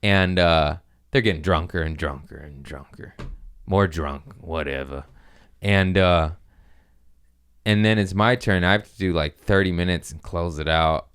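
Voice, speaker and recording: A man's voice: sits low, unhurried, fairly bright tone, smooth. A man hosting a podcast, casually telling a rambling, profane story about his comedy gig.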